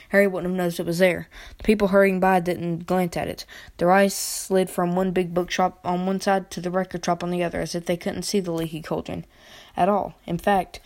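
A woman with a somewhat low voice reads a storybook aloud. Her pace is unhurried, and she now and then trips over a word and starts it again. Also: darkish tone. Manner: unhurried reading with occasional stumbles and restarts. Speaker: reader. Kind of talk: amateur audiobook reading.

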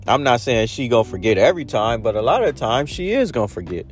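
Blunt man with a lively, swinging voice. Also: mid-range voice, fast, faint music behind. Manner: blunt, animated storytelling with acted-out quotes. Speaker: vlogger giving dating advice. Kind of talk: casual monologue.

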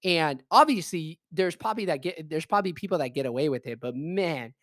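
A man telling a personal story in casual, animated, emphatic speech, swearing freely. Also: fairly high pitch, a little fast, dry recording. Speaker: podcast host. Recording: dry close voice message.

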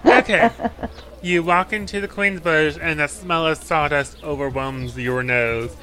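A man's voice: fairly high pitch, measured pace, sharp tone. A man narrating a tabletop role-playing game as game master, describing scenes with small apologetic asides.

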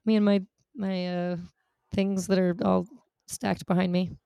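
A woman guitarist chatting casually on a podcast, relaxed and rambling with many fillers, her voice tired from long sessions. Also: medium pitch, measured pace, creaky, clear, resonant tone, no echo, dull audio. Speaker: guest guitarist. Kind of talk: casual chat.

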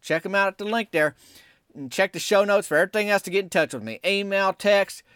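A man with a drawl hosts his podcast, telling comic stories that meander along. His voice sits a touch high and his delivery stays folksy and deadpan. The sound is dry and close, with no room around it. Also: fairly quick, clean tone, dry recording. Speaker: podcast host. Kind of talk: rambling comic storytelling.

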